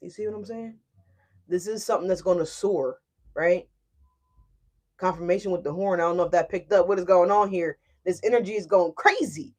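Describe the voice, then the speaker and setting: A woman giving a casual tarot reading to her viewers, animated and emphatic. She often checks in with "right?" and swears freely. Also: lowish voice, fairly quick. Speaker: tarot reader.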